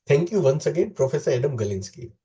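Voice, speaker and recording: A man hosting a podcast, asking formal, polite interview questions in a measured way. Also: on the high side, big pitch swings, mellow, husky. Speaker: podcast host.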